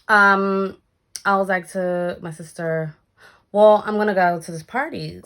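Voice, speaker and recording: Young woman, storytime vlogger, animated delivery, fairly low voice. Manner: animated, acts out quoted lines, swears casually. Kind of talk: casual storytelling vlog.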